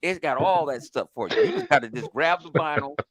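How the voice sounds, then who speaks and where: A man chatting on a podcast in an excitable, laughing way. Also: fairly high pitch, a little fast, a crowd in the background. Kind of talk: casual chat.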